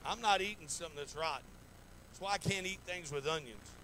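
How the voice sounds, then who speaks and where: Male pastor, homespun sermon delivery, slightly raised pitch, faint background noise. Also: brisk, pushed and bright, poor audio. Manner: folksy, repetitive, acts out anecdotes in quoted voices. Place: church sanctuary.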